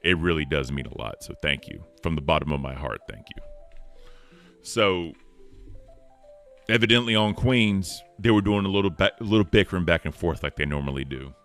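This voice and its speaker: A man's voice: low-pitched, lively intonation, moderate pace, fairly bright tone, faint music behind. A man hosting an online talk show, chatting casually and earnestly, rambling with fillers and thanking viewers. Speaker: show host.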